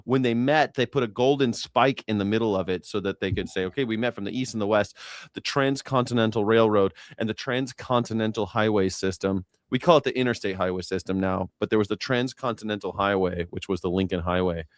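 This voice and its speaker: A man with an American accent hosting a casual livestream chat, playful, sometimes hamming up a booming radio voice. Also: a little fast, no echo, studio quality. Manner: playful, hypes himself up with a booming mock radio voice. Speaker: podcast host.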